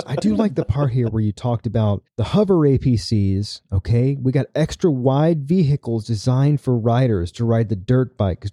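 Podcast host, man, casual recapper, deep dark tone, dry mic. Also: no room sound. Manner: chatty, tags lines with "right?".

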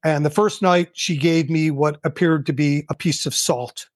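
A man's voice: a little high, moderate pace, dry recording, clean studio sound. An older man, a guest entrepreneur, telling a personal story in a casual interview and acting out the dialogue. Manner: animated, acts out quoted dialogue.

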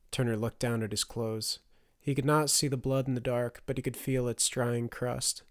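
A man narrating a fantasy audiobook in a measured, dramatic storytelling manner. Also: medium pitch, flat delivery. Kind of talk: scripted narration.

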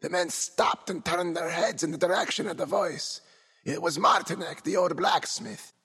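A man's voice: fairly high pitch, fairly even intonation, moderate pace, pushed and bright, husky. Man narrating a somber tale. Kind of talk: scripted first-person storytelling.

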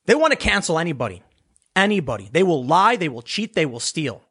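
A man's voice: a little high, big pitch swings, a little fast, a bit bright, husky. A man ranting as a political commentator, sarcastic, dismissive and blunt. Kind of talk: casual opinion rant.

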